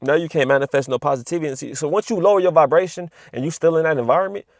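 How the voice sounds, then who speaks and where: Fast-talking, profane young man ranting. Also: on the high side, no room sound, studio quality. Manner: profane, repetitive, street slang, says "you know what I'm saying" often. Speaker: spiritual vlogger. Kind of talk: casual rant to camera.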